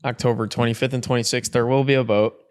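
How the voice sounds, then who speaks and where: A man hosting a podcast, talking in a relaxed, reflective, easygoing way. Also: mid-range voice, fast, clear, resonant tone. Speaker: podcast host. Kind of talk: casual podcast chat.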